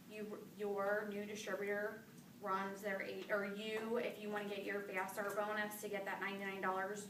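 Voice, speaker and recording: Woman chiming in at a training. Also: mid-range voice. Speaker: team member adding a tip. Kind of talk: live training talk. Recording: echoey room from far off with noise.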